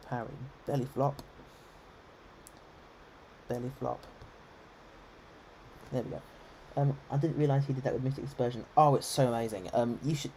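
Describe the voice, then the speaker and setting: A man's voice: mid-range voice, darkish tone, slight background noise. A man with an English received-pronunciation accent, giving chatty live gameplay commentary full of ums and restarts. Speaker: game streamer.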